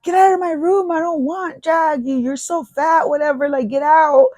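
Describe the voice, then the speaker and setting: A bratty teenage girl snaps in a high, whiny voice, dismissive and sharp, as a podcast storyteller puts her on. The sound is close and dry. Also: fairly even intonation, moderate pace, no echo, lightly acted. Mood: annoyed.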